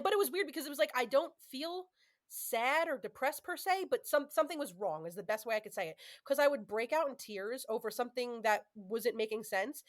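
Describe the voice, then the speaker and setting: A woman in her thirties hosting a podcast, talking candidly and casually with lots of fillers. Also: on the high side. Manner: chatty, candid, frequent fillers. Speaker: podcast host. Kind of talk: casual chat.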